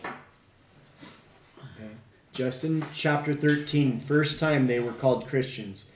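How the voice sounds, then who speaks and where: A man with a mid-range voice leads a conversational Bible study at a slow pace, reading verses aloud and putting questions to the group with emphasis. The room is echoey, with a faint hum in the background.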